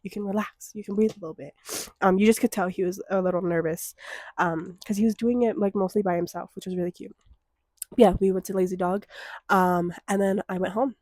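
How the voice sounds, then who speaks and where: A woman's voice: mid-range voice, steady tone, a little fast, darkish tone, dry recording, clean studio sound. Chatty young woman ranting casually. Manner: chatty, swears freely, rants with mock outrage. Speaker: vlogger. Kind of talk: casual chat to camera.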